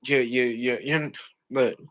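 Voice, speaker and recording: A man's voice: mid-range voice, fairly even intonation, slow pace, a bit bright. Rambling slangy man chatting. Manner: rambling, repeats phrases, slangy. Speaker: podcast host. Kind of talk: casual chat.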